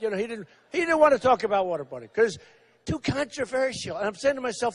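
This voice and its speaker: Man, 60s, candidate at a rally; very high pitch, repetitive, mocking delivery with acted quotes. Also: big pitch swings, fast. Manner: acts out quotes of others. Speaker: political candidate. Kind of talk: campaign rally speech.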